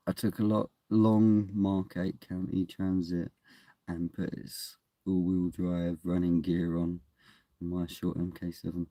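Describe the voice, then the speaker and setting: A man's voice: deep voice, little pitch movement, takes it slowly, warm tone, no echo. A man chatting casually to his phone camera from inside a parked car at night, in a wry, mumbling way. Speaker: vlogger.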